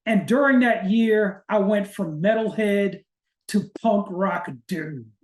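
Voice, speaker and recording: A man's voice: high-pitched, slow pace, echoey room. A man interviewed as a poet guest, speaking earnestly with blunt, dry profanity. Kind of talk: interview conversation.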